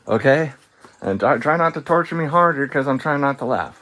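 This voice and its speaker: Guy ranting on his stream, mocking and sarcastic, calm then heated, laughs a lot. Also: mid-range voice, fairly quick. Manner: animated, swings between calm and heated. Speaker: live streamer. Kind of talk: casual ranting monologue.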